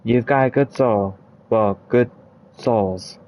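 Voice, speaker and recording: A man's voice: medium pitch, slow pace, a little mellow. Man voicing a chatty talking head in mud. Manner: chatty, pleading, easily annoyed. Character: cheerful thirsty talking male head buried in mud.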